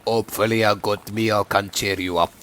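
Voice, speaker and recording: A man voicing a kindly village wife and mother in a let's-play, speaking gently and hospitably. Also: lowish voice, flat delivery, moderate pace, a little hiss or hum, voice pushed down, natural voice. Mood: gentle.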